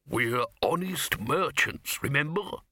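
A man voicing a practical male wizard who talks in hushed, urgent tones. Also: on the high side, animated, slow, no room sound, clean studio sound, exaggerated voice. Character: sensible male wizard, chair of a faculty.

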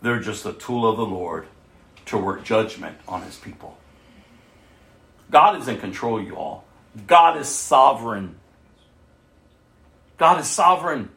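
A man preaching a sermon and reading scripture aloud, swinging between loud bursts and soft asides. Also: mid-range voice, animated, measured pace, vocal fry, long pauses, echoey room.

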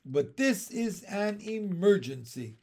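A man voicing a gentle kindergarten teacher. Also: fairly high pitch, expressive, measured pace. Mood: reassuring. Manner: gentle, reassuring. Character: kind patient female kindergarten teacher.

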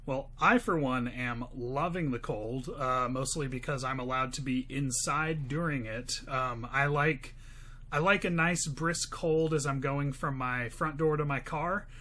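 A man's voice: medium pitch, unhurried, sharp tone. A man co-hosting a podcast in casual chat, playful, teasing and wry. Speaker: podcast co-host.

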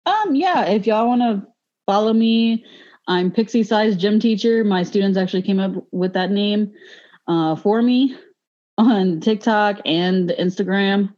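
A woman's voice: mid-range voice, unhurried, warm tone, dull audio. A woman telling stories as a podcast guest, rambling with fillers and laughing often. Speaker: podcast guest, gym teacher. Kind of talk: casual chat, storytelling.

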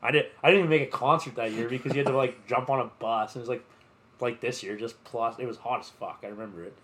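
A man's voice: medium pitch, fast talker, fairly bright tone. A man co-hosting a casual podcast, spinning a rambling festival story. He keeps stumbling over "like" and "uh" and swears freely. His voice sits in the ordinary middle range. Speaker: podcast co-host. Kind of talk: casual chat.

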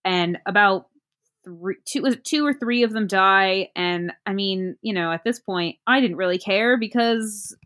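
A woman in casual chat, recapping a movie plot in a rambling, halting way with many fillers. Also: medium pitch, fairly bright tone.

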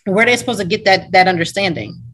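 A woman's voice: mid-range voice, fast talker, a bit bright, a little hiss or hum, poor audio. A woman hosting a conversation, speaking in an earnest, reflective way. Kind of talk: conversational interview.

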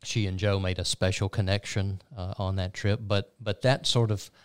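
A man interviews a guest in a measured, unhurried way, stopping for fillers as he gathers his thoughts. His voice is very deep and smooth, recorded close and dry. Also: flat delivery, no room sound. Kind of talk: interview conversation.

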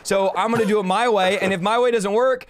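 A man hosting a podcast, talking at a rapid clip in a high voice. He tells stories in an animated way, acting out each exchange. His delivery is emphatic and fired-up, like a preacher's. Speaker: podcast host. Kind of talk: casual chat.

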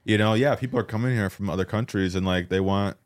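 A man co-hosting a podcast in casual chat, hedging and halting, filling his talk with "like". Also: on the low side, dry recording, studio quality. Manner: hedging, halting, heavy use of "like". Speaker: podcast co-host.

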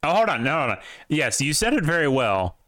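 A young man co-hosts a casual sports podcast. He is animated and profane, and his voice swings widely in pitch. He is recorded on a dry close mic. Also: a little fast, dry recording. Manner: animated, swearing, laughing, big pitch jumps. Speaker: podcast co-host.

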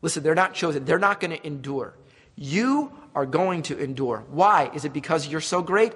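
A man's voice: a little high, expressive, a bit bright, husky. Preaching man in a reverberant hall. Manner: conversational preaching, voices God's words, slows for emphasis. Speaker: pastor. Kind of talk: sermon.

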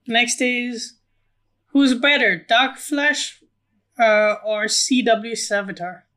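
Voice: mid-range voice, steady tone, slow pace, pushed and bright. A podcast co-host who asks the questions in brief, casual chat.

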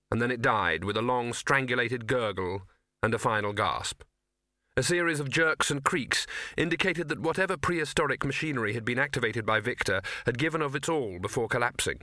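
A man reading a novel aloud in an even, measured storytelling way. His tone is bright and forward, and the recording is close and dry with no room sound. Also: medium pitch, no room sound. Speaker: audiobook narrator. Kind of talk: scripted narration.

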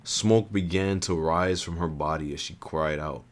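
Reading a first-person adventure story aloud, a man with a lowish voice keeps an earnest tone and a measured pace. He frequently restarts and rereads lines along the way.

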